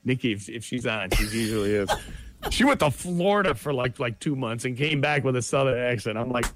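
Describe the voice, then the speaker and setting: A man's voice: mid-range voice, expressive, a little fast, soft background music. A man co-hosting a morning radio show, chiming in with playful jokes. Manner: playful, joking sidekick. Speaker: radio co-host. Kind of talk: casual radio banter.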